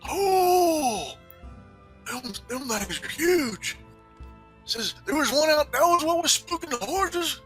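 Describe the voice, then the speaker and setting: Man playing an excitable old cowboy cook, high and twangy, fussing nonstop. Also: slow pace, soft background music, full character voice. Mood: amazed. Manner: frantic folksy drawl, Old West slang.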